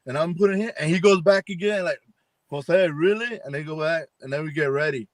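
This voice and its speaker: A man's voice: fairly high pitch, fairly quick, dry recording. A man, a paranormal investigator, telling a ghost story in a rambling way on a video call, acting out what people said with lots of fillers. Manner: rambling, acts out quoted dialogue with many fillers. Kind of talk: casual storytelling on a live chat.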